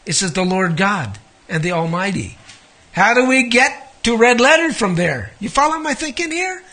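A man's voice: high-pitched, very animated, normal speed, sharp tone. A man teaching a Bible study, conversational and asking his listeners questions. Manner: conversational, asks the audience questions.

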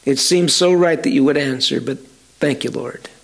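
A man voicing a grieving middle-aged farmer who prays through tears in a low, hushed voice. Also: moderate pace, creaky. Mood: tearful prayer. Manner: sobbing, hushed prayer. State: crying.

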